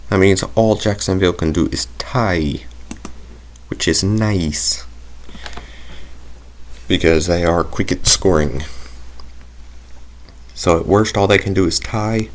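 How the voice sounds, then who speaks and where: Young male gamer, deep voice with heavy fry, loose rambling commentary, thinks out loud. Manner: rambling, drifts into tangents and talks to himself. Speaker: gaming video creator. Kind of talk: casual gameplay commentary.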